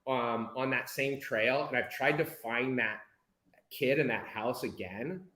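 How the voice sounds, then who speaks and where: Animated American man telling a story. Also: medium pitch, a little slow, reverberant, rough recording. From United States. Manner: animated, candid, swears casually. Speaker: guest speaker. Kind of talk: casual storytelling.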